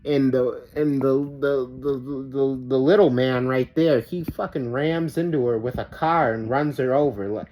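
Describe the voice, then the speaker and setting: A man of middle pitch rants through a reaction video, rambling and swearing, stacking up "like" as he loses his thread. His voice rides over steady background noise. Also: moderate pace, hardly any pauses, rough recording. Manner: rambling, profane, exasperated, with many fillers like "like". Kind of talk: ranting reaction commentary.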